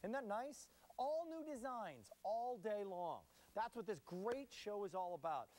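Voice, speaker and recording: A man's voice: high voice, lively intonation, a little slow, darkish tone, slight background noise. A man hosting a live shopping channel broadcast in an upbeat, chatty sales patter.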